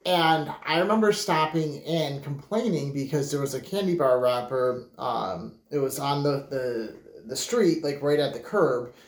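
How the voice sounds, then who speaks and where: A man hosting a casual family chat, telling a reflective story with gentle emphasis. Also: a little high, measured pace, few pauses. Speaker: podcast host. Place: home room with family. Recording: roomy echo.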